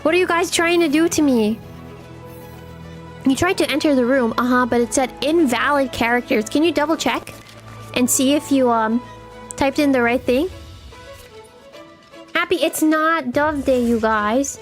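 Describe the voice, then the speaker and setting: A woman's voice: sits high, unhurried, long pauses, faint music behind. A young woman streaming a game live, chatting with her viewers in a playful, teasing way.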